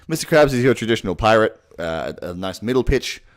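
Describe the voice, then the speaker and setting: Low-voiced man teaching cartoon voices, crude and rambling, pitch jumping all over. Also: expressive, fast. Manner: crude, rambling, self-mocking. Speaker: voice impression tutor. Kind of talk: casual tutorial. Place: home room at night.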